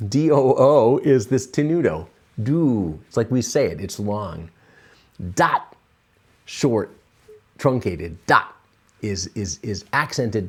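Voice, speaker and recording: A man gives a piano lesson in a low, slow voice. He explains each point patiently, pausing often with fillers as he searches for words. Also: breathy edge. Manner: unhurried, with frequent fillers. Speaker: piano teacher. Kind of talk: relaxed instructional explanation.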